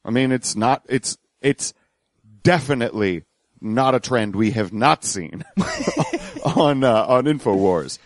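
A man's voice: medium pitch, animated, slow pace, no echo. Wry man co-hosting a podcast. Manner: wry, laughs often, restarts mid-sentence. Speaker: podcast co-host. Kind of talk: casual comedic chat.

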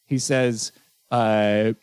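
A male podcast host in casual chat, excitable and profane, often laughing. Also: fairly low pitch, extremely slow, clear, resonant tone, no echo.

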